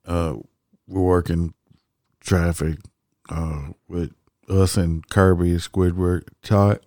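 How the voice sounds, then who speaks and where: Traffic cop, male, mellow low voice, profane and blunt storyteller. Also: flat delivery, slow, no echo, studio quality. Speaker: traffic police officer. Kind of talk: casual storytelling monologue.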